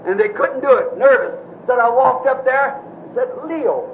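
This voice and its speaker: A man with a strikingly high voice preaches a fervent sermon as a minister, dropping to hushed tones and then rising to shouts. The recording is dull and lo-fi, with a faint hiss underneath. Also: very animated, moderate pace. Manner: impassioned, swings from hushed to shouting.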